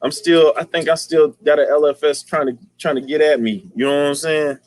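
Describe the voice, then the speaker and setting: A man's voice: a little high, fairly even intonation, fairly quick, a little mellow, no room sound. A man hosting a casual aquarium livestream, talking in slang and greeting viewers by name.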